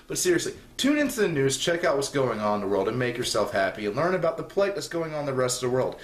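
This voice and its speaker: Speaking at medium pitch with big pitch swings, a young man races through a rambling, sarcastic rant for a spoof news segment, hardly pausing and growing ever more exasperated. Faint ambience fills the echoey room.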